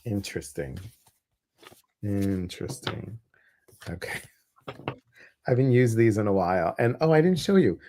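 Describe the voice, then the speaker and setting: A chatty male co-host reads viewers' questions and oracle cards on a casual livestream. His voice sits at a middle pitch and his delivery stays loose, with teasing asides and bad dad jokes. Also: very animated, normal speed, pauses often, background noise.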